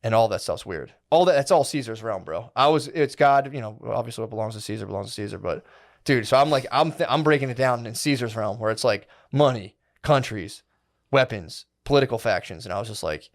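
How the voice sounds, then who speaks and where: A young man in the middle of a long, loose story. He swears freely, rambles from one point to the next, and his voice sits at an everyday middle pitch. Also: lively intonation, a little fast. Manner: rambling, peppered with "like" and "dude", profane. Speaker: podcast co-host. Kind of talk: casual storytelling.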